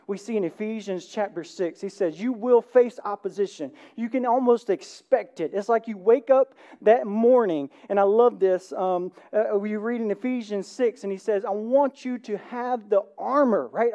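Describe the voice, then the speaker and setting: A man's voice: high-pitched, mellow, lo-fi sound. A man preaching a sermon as a pastor, talking in a conversational way and often checking in with "right?". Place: church.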